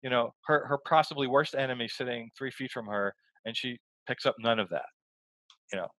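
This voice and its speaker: A man's voice: mid-range voice, fairly quick, fairly bright tone, no echo, rough recording. A middle-aged man talking as a guest in a casual conversation, wry and emphatic.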